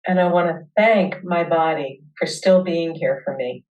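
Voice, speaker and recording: A woman hosting a webinar, leading listeners through a guided tapping session with slow, soothing affirmations. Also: low-pitched, a little mellow, distant mic, lo-fi sound.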